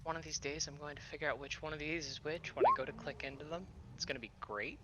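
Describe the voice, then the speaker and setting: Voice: medium pitch, quick pace, sharp tone, breathy edge. A player in a tabletop game, joking and rambling playfully about their character.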